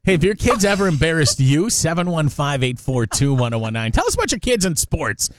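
Lively man radio host, swooping pitch. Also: fairly quick, dry recording, studio quality. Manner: lively, jokey, reads station promos. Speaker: radio morning show host. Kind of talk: casual radio chat.

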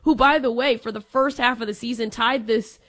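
A woman's voice: fairly high pitch, fairly even intonation, normal speed. A woman co-hosting a sports radio show, bantering in a playful, teasing way.

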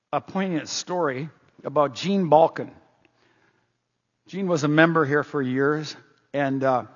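A man preaching a sermon as pastor, earnest and full of rhetorical questions, in a church. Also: a little high. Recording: dull lo-fi sound with long hall reverb.

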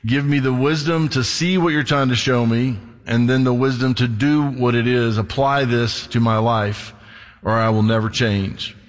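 Man, pastor, preaching a sermon, earnest conversational delivery, slow emphatic scripture reading, long hall reverb. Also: mid-range voice.

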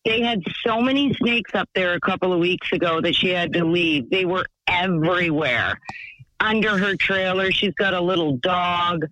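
A man voicing a rambling, excitable woman calling in to a radio show. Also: high voice, moderate pace, no echo, low-quality recording. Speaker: caller.

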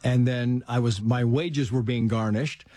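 A middle-aged man, a guest author, telling lively personal stories in casual conversation and acting out the people in them. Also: unhurried, no room sound, clean studio sound. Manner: animated, acts out quoted voices with big pitch jumps.

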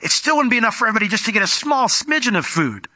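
A man voicing a flustered disciple, worrying aloud that even every penny won't be enough to feed the crowd. His voice jumps well above his usual range, bright and cutting, up close with no room sound at all. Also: very fast, no echo, heavily acted. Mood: fretful. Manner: pleading, flustered, pitched high. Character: anxious male disciple counting the money.

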